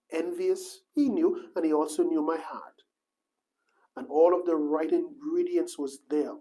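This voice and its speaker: A male pastor preaching a sermon with passion, swinging from hushed prayer to loud shouting, and reading scripture aloud. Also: a little high. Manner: reads scripture aloud in King James wording.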